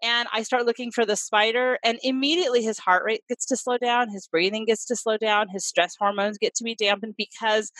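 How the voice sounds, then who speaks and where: A woman's voice: a little high, steady tone, a little fast, few pauses, a bit bright, dry recording, low-quality recording. Earnest woman explaining, dry close sound. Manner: earnest, explains with acted-out examples. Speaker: clinician and parenting expert guest. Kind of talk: conversational podcast interview.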